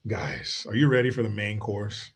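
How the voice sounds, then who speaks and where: A man's voice: lowish voice, expressive, normal speed, breathy edge. A man hosting a commentary podcast, ranting in a blunt, mocking way with plenty of profanity. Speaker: podcast host. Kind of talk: political commentary rant.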